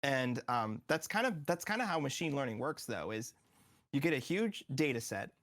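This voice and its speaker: A man's voice: mid-range voice, big pitch swings, normal speed, a bit bright. A man appearing as a game developer guest in a casual studio interview, eagerly explaining and acting out what players say.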